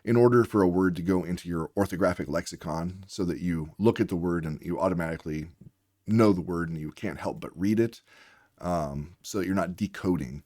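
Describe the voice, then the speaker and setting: A man's voice: low-pitched, a little mellow, no room sound, studio quality. A man working as a reading tutor, giving a patient lesson and sounding out words letter by letter. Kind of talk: instructional explainer lesson.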